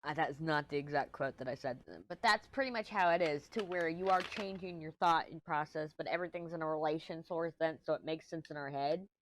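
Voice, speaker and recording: Low-voiced rambling Texan woman. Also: brisk, hardly any pauses, a little hiss or hum. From Texas. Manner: rambling, jumps between topics, swears casually. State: a little stuffy-nosed. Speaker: craft vlogger. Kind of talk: casual chat while crafting.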